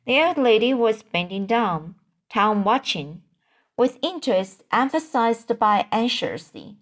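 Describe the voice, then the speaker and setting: A woman reading a novel aloud, halting often, repeating words and correcting herself. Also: fairly high pitch, expressive. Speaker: audiobook reader.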